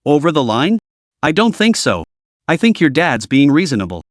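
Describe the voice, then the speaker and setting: A man's voice: fairly high pitch, big pitch swings, moderate pace, no room sound, studio quality. A man voicing a young man who is a blunt, bitter street vendor, reading him in a storybook recap. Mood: sarcastic. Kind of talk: storybook narration.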